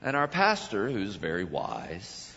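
A male pastor, preaching a sermon in a dramatic way, swelling to loud cries and then dropping low. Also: huge pitch swings, a little slow, creaky, slight background noise. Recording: dull lo-fi sound with long hall reverb.

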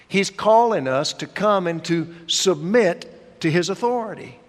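A man preaching a sermon as pastor, slow and deliberate, leaning on emphatic pauses. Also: high voice, animated. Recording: long hall reverb.

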